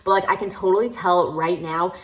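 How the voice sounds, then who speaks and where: A woman's voice: on the low side, steady tone, fairly quick, rough recording. A woman book vlogger chatting casually to camera. She is frank and critical, and peppers her talk with "like". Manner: chatty and candid, with many "like" fillers. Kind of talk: casual reading-vlog chat.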